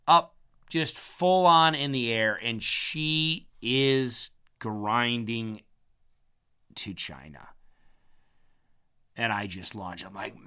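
A man telling a rambling story in a casual chat, his voice strained after hurting his vocal cords, clearing his throat often. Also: mid-range voice, bright, forceful tone.

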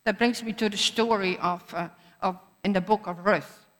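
A woman's voice: mid-range voice, fairly even intonation, normal speed. A woman preacher giving a sermon in an earnest manner, repeating phrases for emphasis. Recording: echoey hall.

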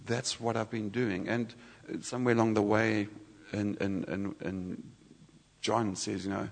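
Halting, husky man in a church hall. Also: fairly low pitch, flat delivery. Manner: conversational, halting with many restarts. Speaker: church speaker. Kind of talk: personal sermon testimony.

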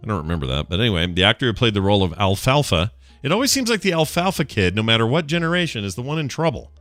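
A man's voice: big pitch swings, rapid-fire, a bit bright, no room sound, faint music behind. A man co-hosting a podcast, chatting casually and jokingly, sometimes slipping into silly voices. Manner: jokey, breaks into silly high put-on voices. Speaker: podcast co-host. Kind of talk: casual comedic chat.

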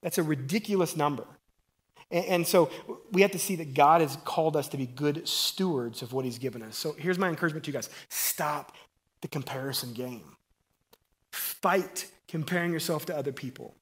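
A middle-aged preacher gives an energetic, conversational sermon at normal speed. His voice is a bit high for a man, and he alternates between hitting key words loudly and slipping into near-whispered asides.

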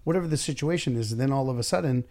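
A man's voice: medium pitch, very fast, a little mellow. Man, business owner, blunt, curses a lot, acts out dialogue, casual podcast chat.

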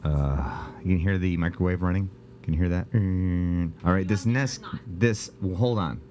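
A man's voice: low-pitched, normal speed, dark tone. Rambling, jokey male podcast host. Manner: rambling, jokey, self-interrupting. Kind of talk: casual comedic chat. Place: home, indoors.

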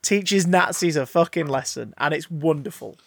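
A man co-hosting a podcast, chatting casually about a film, animated and swearing freely as he acts out scenes. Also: fairly high pitch, moderate pace, gravelly, dry recording. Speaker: podcast co-host. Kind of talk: casual film review chat.

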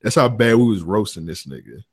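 A man's voice: lowish voice, animated, fairly quick, husky. A man co-hosting a podcast, telling loose slangy stories and laughing often between lines. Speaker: podcast co-host. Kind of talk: casual podcast banter.

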